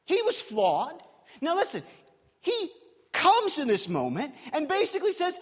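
A man's voice: very high voice, huge pitch swings, measured pace, in a large hall. A man, a pastor, preaching a sermon in a conversational way, asking his listeners rhetorical questions.

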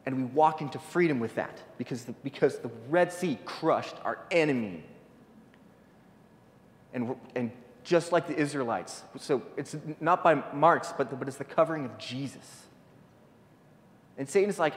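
A man's voice: fairly high pitch, expressive, moderate pace, pauses often. A man giving an informal guest sermon, talking off the cuff with many stumbles, repeated words and restarts. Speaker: guest speaker. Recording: long hall reverb.

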